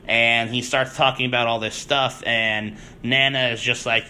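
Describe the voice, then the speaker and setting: A man's voice: medium pitch, little pitch movement, measured pace, bright, forceful tone, slight background noise. A man hosting a podcast, recapping an episode in a chatty way and laughing often. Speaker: podcast host.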